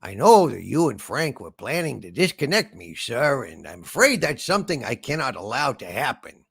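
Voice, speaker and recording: A meandering male spaceship computer, put on by a man, talks like a shambling detective. The voice is gravelly and husky, with a lively pitch. The sound is dry and close. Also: moderate pace, no room sound, full character voice. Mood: calm, polite. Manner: meandering, polite, trails off with "sir". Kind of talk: comedy impression sketch.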